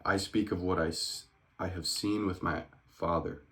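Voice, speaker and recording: Jesus, read by a man as a calm earnest teacher. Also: deep voice, normal speed. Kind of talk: casual scripture reading.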